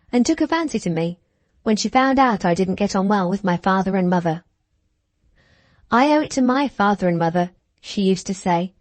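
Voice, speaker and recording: A woman's voice: medium pitch, a little mellow, no echo, close to an everyday voice. A woman reading the part of a spiteful, gushing young woman with a scornful, mocking manner, in an audiobook.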